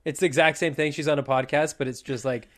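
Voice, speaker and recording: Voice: mid-range voice, fairly even intonation, quick pace, a crowd in the background. Dry-joking podcast co-host. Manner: dry teasing jokes. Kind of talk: casual chat.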